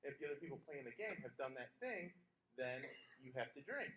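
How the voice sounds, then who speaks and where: A man's voice: mid-range voice, sing-song, a little fast, a bit bright. A man doing a stand-up set on a small theater stage, telling jokes drily and slipping into mock voices. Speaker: stand-up comic. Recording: echoey theater with noise.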